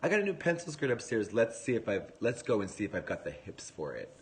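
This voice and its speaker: A man puts on a brash middle-aged working-class mother, her voice jumping way up high and loud as she gushes over the news. She rattles along quickly, shrill and excited. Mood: gushing.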